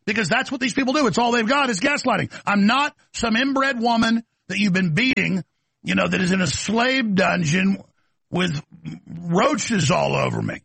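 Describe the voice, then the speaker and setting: A man's voice: sits high, expressive, moderate pace, gravelly, a bit bright, slightly rough, no echo. A man hosting a talk show, delivering an aggressive, mocking rant. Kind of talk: combative talk show monologue.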